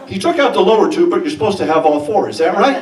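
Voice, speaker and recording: A man voicing a quick, chatty female receptionist in a live story. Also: high voice, animated, noisy background. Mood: puzzled. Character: puzzled adult female receptionist. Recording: roomy live hall, distant mic, audience.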